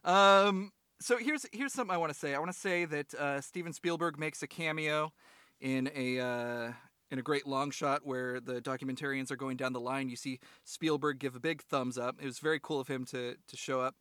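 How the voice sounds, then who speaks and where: A young man with a bright, pushed-forward voice, rambling through jokes and stories as a podcast co-host. He keeps dropping into silly voices to act out quotes, and his sound is dry and close with no room around it. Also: medium pitch, normal speed, clear, resonant tone, no echo. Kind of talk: casual comedic chat.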